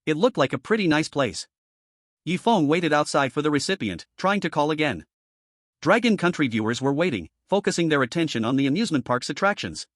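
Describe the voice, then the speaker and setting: A man narrating a recap story in an even, read-aloud delivery. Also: on the high side, brisk, no echo, studio quality.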